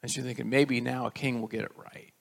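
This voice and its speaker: A man preaching a sermon, retelling scripture as a lively story and acting out the quoted voices. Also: medium pitch, fast talker, creaky. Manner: storytelling, acts out quoted voices with rising energy. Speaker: pastor.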